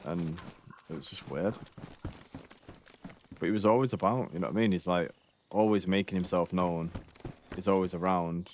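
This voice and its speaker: Male streamer, thirties, deep low voice, rambling sweary anecdotes, laid-back. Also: normal speed, pauses often, darkish tone, slight background noise. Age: 30s. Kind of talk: casual chat while gaming.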